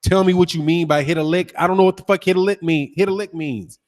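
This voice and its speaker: A man chatting casually on his boxing talk show, telling animated stories and laughing often. His voice sits a little high. It rings out with a long reverb, as if he is in a large, hard room. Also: fast. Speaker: boxing channel host. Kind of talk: casual livestream chat reading comments.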